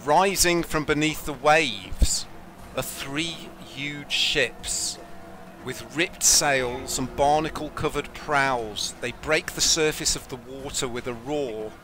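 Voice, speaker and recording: A man's voice: mid-range voice, background noise. Man narrating as game master. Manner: slow, atmospheric narration.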